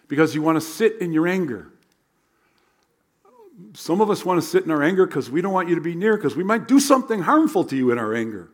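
A man preaching a sermon as a pastor, animated and conversational, sometimes dropping to a hush. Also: fairly high pitch, quick pace.

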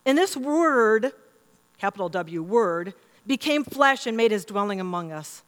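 A woman's voice: mid-range voice, unhurried. A middle-aged woman pastor giving a sermon, telling stories and acting out quoted voices as she preaches. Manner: storytelling, animated quoting of others. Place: church sanctuary. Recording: long reverb in a large hall.

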